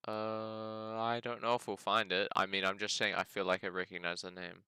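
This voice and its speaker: Brief: New Zealand man, gaming host, low-set voice with a crisp, smooth tone, thinks out loud as he plays. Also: little pitch movement, moderate pace, no echo, clean studio sound. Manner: thinks aloud, hedging and musing, says "bloody" often. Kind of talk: casual game commentary.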